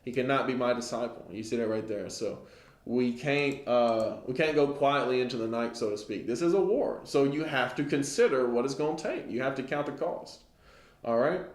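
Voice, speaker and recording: A man's voice: mid-range voice, expressive, moderate pace. Conversational man teaching scripture, echoey room. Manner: conversational, many "all right?" check-ins. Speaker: Bible teacher. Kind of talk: informal Bible lesson.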